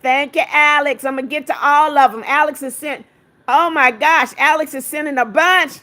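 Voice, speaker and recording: A woman's voice: high-pitched, normal speed. A woman hosting a livestream, reading viewers' comments aloud and calling them darling while she counts out gifts. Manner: affectionate, calls viewers darling; counts gifts out loud, laughing. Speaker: livestream host. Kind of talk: reading live chat aloud.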